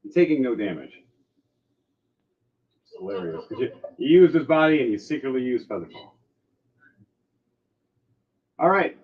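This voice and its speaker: Man, game master, animated storytelling, mid-pitched voice, dull lo-fi audio. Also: normal speed, long pauses. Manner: lively narration with sound effects. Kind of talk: narrating a tabletop game.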